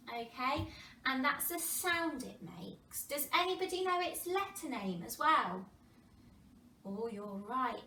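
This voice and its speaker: A woman with an English accent teaching a phonics lesson to young children, sounding out words slowly and with a lot of expression. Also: fairly high pitch. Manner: animated, exaggerated sounding-out of words with gasps and whispers. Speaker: primary school teacher. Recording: roomy distant mic, faint background noise.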